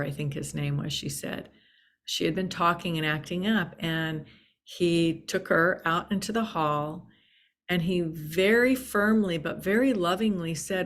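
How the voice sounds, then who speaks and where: A woman hosting an inspirational spiritual talk, speaking earnestly and soothingly and repeating key phrases for emphasis. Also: lowish voice. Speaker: spiritual channel host.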